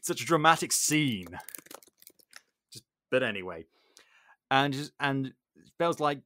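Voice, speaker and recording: Animated male podcast host. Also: medium pitch, takes it slowly, pauses often. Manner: animated, acts out characters. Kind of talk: casual chat, retelling a film plot.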